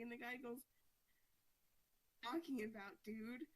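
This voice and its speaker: A woman's voice: a little high, measured pace, long pauses, low-quality recording. A woman podcast host casually recapping a comic story, chatty and full of "like". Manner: chatty, fillers of "like", frequent laughter.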